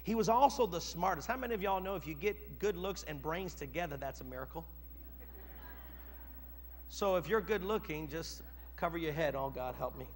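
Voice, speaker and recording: A man preaching a sermon, telling a story and moving from quiet narration to loud dramatic peaks. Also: fairly high pitch, moderate pace, soft background music. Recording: long hall reverb.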